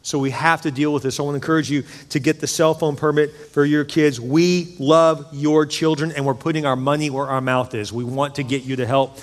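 A man's voice: fairly high pitch, steady tone, fairly quick, few pauses. A middle-aged man preaching a sermon as pastor, emphatic and conversational, with jokes in between. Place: church sanctuary. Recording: long church-hall reverb.

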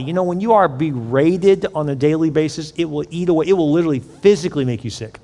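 A man's voice: a little high, a little fast, a little mellow. A man preaching a sermon as pastor, conversational and joking, with sudden emphatic bursts. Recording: echoey hall.

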